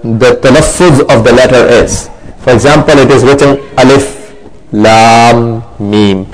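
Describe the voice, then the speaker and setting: A man giving a religious lecture, explaining slowly in English mixed with Arabic terms and often checking that listeners follow. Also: mid-range voice, poor audio. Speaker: Islamic teacher.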